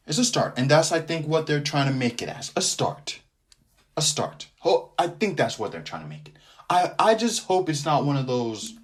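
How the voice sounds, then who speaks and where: A man's voice: on the high side, huge pitch swings, normal speed. A man hosting a casual sports podcast, joking around, repeating his phrases and sliding into a sing-song delivery. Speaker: podcast host.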